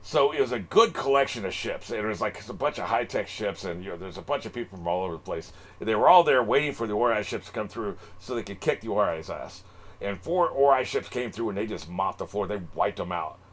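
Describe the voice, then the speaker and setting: A man's voice: fairly low pitch, fairly bright tone. A man hosting a solo podcast, rambling through casual talk and swearing freely. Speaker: podcast host.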